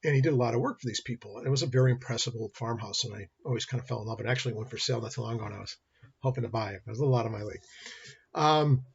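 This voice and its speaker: A middle-aged man teaches college business law in a recorded lecture, telling folksy stories and acting out the dialogue. His mid-range voice is gravelly, slightly rough, and very fast, captured by a built-in computer or webcam mic that cuts off the highs.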